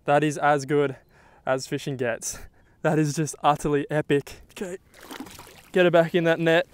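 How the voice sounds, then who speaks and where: Excitable man fishing outdoors. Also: on the high side, moderate pace, smooth, no room sound. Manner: excitable, exclaiming. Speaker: fishing vlogger. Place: outdoors on the water.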